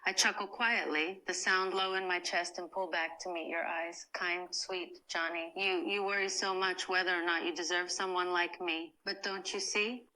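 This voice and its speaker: Woman voicing a proud woman, soft and bright. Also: fairly low pitch, fairly even intonation, rough recording. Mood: tender. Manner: soft, slow, soothing. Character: cold, proud woman softly comforting a crying friend. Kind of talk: first-person comfort role-play narration.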